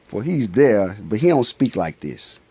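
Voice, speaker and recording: Lively man preaching in slangy talk. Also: fairly low pitch, unhurried, breathy edge, no room sound. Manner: poses rhetorical questions and answers them himself; loose, slangy street talk. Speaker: spiritual vlogger. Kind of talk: casual spiritual monologue.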